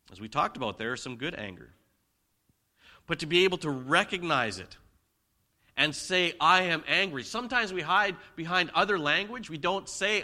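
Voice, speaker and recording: Bright-voiced male pastor preaching. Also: fairly high pitch. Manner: conversational preaching with dramatic swings in loudness. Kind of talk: sermon.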